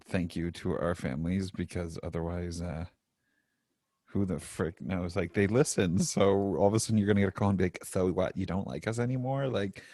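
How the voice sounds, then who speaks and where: A man's voice: low-pitched, fairly even intonation, moderate pace, warm tone, no echo, clean studio sound. A young adult man co-hosting a podcast, chatty and laughing, with lots of fillers. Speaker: podcast co-host. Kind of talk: casual chat.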